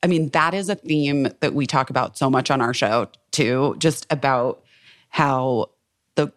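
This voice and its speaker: A woman in her forties hosting a podcast in casual chat, gushing and effusive. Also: extremely low pitch. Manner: gushing, effusive, quick to enthuse. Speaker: podcast host.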